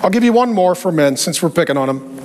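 Man, pastor, very high voice, animated joking sermon, faint background noise. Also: quick pace.

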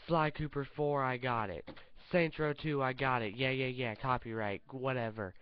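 A man's voice: mid-range voice, steady tone, moderate pace, dull audio, a little hiss or hum. A man chatting casually to camera as a vlogger, sounding irritated and rambling, with lots of fillers. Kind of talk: casual vlog chat.

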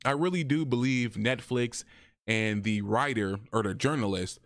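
A man talking casually in a review vlog, chatty and animated, his voice jumping higher when he quotes people. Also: moderate pace, music in the background. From Arizona, USA. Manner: chatty, animated, often rises in pitch when quoting. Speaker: YouTube reviewer.

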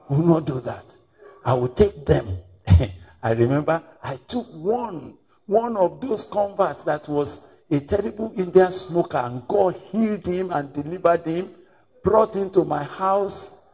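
A man's voice: a little high, a little mellow, breathy edge. A man preaching a storytelling sermon, acting out dialogue and repeating key phrases. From Nigeria.

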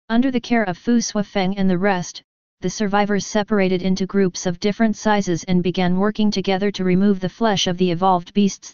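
A woman reads a web novel aloud in a steady, even narration. Her voice is exceptionally smooth and clear. The recording is dry and a little dull in the highs. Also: no room sound. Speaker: audiobook narrator. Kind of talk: scripted narration.

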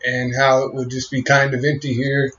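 A man of middle pitch rambles on, halting often and trailing off between thoughts. The recording is dull and lo-fi. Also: completely flat delivery, fairly bright tone, husky. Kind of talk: rambling monologue. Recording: muffled lo-fi recording.

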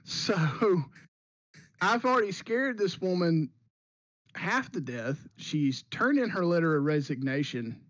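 A man hosting a podcast, telling a school story in an animated, casual way and restarting his sentences as he goes. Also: fairly high pitch, slow pace, no room sound. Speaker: podcast host.

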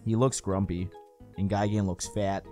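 A man voicing a gruff, dry-humored male giant lizard monster puppet, mumbling deadpan asides in a puppet reaction video. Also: fairly low pitch, moderate pace, faint music behind, lightly acted.

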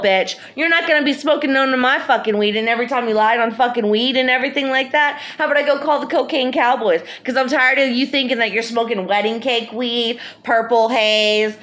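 A woman's voice: on the high side, fairly quick, hardly any pauses, fairly bright tone. A woman in an angry, profane rant to the camera. She swears constantly and keeps repeating her insults.

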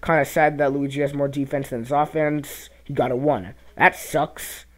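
A young man giving casual gameplay commentary, reacting loudly to the game and muttering asides. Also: medium pitch, steady tone, moderate pace. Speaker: let's play commentator.

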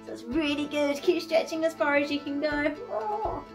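A young woman with a high voice runs a children's workout, counting down the exercises in an upbeat, encouraging way, though her delivery is flat and brisk. Light background music plays.

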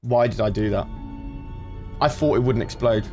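A man's voice: mid-range voice, moderate pace, music in the background. A man commentating live as he plays, swearing and talking to his chat. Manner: swearing, frustrated, talks to chat. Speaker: gaming streamer.

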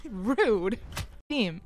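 A woman streaming a game, talking excitedly, gasping, shrieking and swearing, and dropping to whispers while she hides. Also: medium pitch, very slow, noisy background. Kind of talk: excitable gaming stream commentary.

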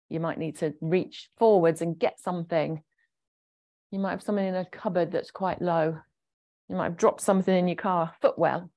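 A woman leading a gentle exercise class, chatty and encouraging as she explains each movement. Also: lowish voice. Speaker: fitness instructor.

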